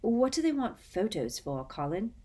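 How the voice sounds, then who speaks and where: A weary teenage boy answers flatly and dully, with little life in his voice. A woman reading a story does his lines. He sounds fed up. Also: mid-range voice, moderate pace, pitched above the performer's own voice. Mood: glum. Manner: flat, dull. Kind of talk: audiobook character voice.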